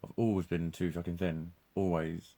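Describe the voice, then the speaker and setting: Male vlogger with a deep, warm voice, loose and profane, breaks into laughs. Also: flat delivery, normal speed. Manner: swears constantly, laughs often, restarts sentences. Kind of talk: rambling live monologue.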